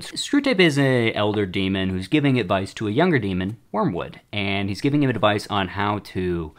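A young man hosting his own show, casually talking about a book, rambling and tripping over his words. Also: fairly low pitch. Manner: rambling, self-deprecating, trips over words. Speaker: show host.

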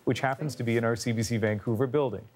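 Measured male news presenter. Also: mid-range voice, steady tone, darkish tone, slight background noise. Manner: measured, friendly broadcaster delivery. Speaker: news interviewer and narrator. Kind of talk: scripted news narration and interview.

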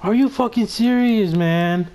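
A gamer giving live commentary while playing, swearing constantly and breaking into panicky shouts at the game. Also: mid-range voice, unhurried, slight background noise.

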